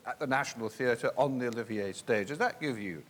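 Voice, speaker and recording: A man's voice: medium pitch, a little fast, a bit bright, a little hiss or hum. A man interviewing a guest on stage at a live theatre event, asking curious, prompting questions.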